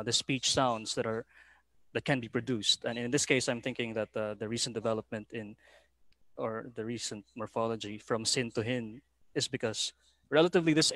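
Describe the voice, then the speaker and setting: A man's voice: medium pitch, a bit bright, dry recording. A man moderating an online panel discussion over a video call, musing aloud and reading out audience comments. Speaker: forum moderator.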